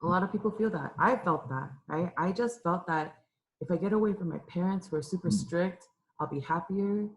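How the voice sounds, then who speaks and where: A woman's voice: fairly low pitch, a little fast, poor audio. A young woman from Los Angeles, a youth minister, giving a candid and emotional personal testimony, tearful at times. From Los Angeles, California. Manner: candid and emotional, with many fillers and restarts. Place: church room with an audience.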